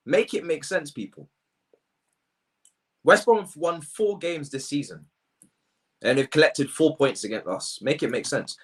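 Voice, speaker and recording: A man's voice: a little high, fairly bright tone. An exasperated man rants his way through a football review. He hammers his points home by repeating himself and leans on street slang. He speaks close to the mic. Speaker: football fan channel host. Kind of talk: ranting match review to camera.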